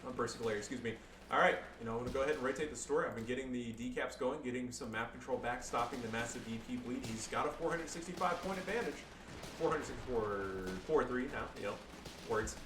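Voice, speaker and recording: A man's voice: mid-range voice, fast talker. Male gamer casually narrating his match, loose and jokey, mid-range voice; roomy home recording from off-mic. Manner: joking, loose, swears, fillers like "you know". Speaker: gamer commentating own match. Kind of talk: casual gameplay commentary. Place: home room with family around. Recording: echoey room, far-off mic, background noise.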